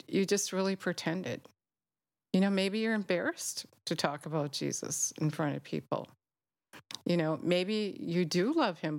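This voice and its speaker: A woman's voice: low-pitched, no echo. A woman giving an informal sermon in an earnest, conversational way, often dropping in "you know". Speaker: preacher.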